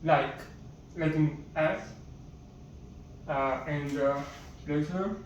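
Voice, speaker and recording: Hesitant male teacher with a higher voice, listing words one at a time, recorded muffled in an echoey room. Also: extremely slow, distant mic, slight background noise. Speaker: language teacher. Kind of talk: casual vocabulary lesson.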